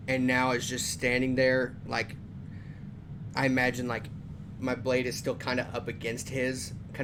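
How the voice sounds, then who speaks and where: A man playing a tabletop game, describing his character and often hesitating as he searches for words. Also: medium pitch. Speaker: player. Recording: noisy background.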